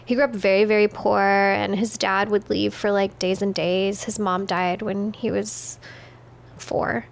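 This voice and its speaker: Animated woman talking about spirit guides. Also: mid-range voice, unhurried, vocal fry, slight background noise. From United States. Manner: animated, laughs often, swears casually. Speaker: podcast guest, witch and spiritual practitioner. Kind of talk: casual podcast chat.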